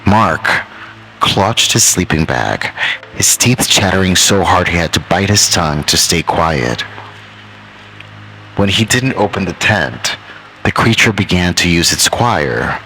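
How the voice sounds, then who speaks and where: A man narrating a horror story in a measured, ominous way, drawing out key phrases. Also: low-pitched, lively intonation, sharp tone, a little hiss or hum, poor audio.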